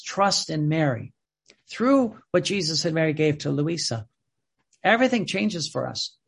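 A man preaching with fervour, his voice pitched high with a gravelly edge. He often repeats words and phrases to drive a point home, in a husky tone. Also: a bit bright. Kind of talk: sermon.

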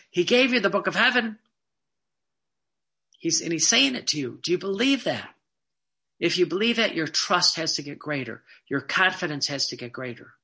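Earnest preacher with a bright, forceful tone, pressing the congregation with questions. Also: medium pitch, creaky. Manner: earnest, asks the listeners direct rhetorical questions; tells personal anecdotes with quoted back-and-forth dialogue. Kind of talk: sermon.

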